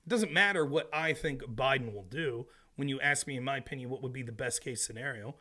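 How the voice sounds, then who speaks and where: An American man hosts a solo political commentary show, speaking a little fast in a mid-range voice. He takes a sarcastic, mocking edge, doing mocking impressions and growing loud and animated.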